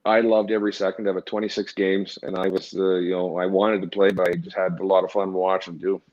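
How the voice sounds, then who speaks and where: A man who is a former pro hockey goalie, telling rambling, animated stories with many restarts in a casual interview. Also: deep voice, brisk. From Canada. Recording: dull lo-fi audio.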